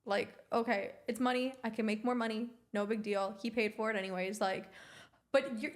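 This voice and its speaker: A woman's voice: on the high side, normal speed. A young adult woman co-hosting a podcast, telling stories casually and acting out what people said. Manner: animated storyteller, acts out quotes. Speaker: podcast co-host. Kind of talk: casual chat.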